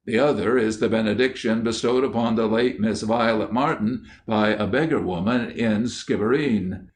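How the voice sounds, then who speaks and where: A man reading lectures aloud as an audiobook narrator, in a measured, unhurried way. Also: fairly low pitch.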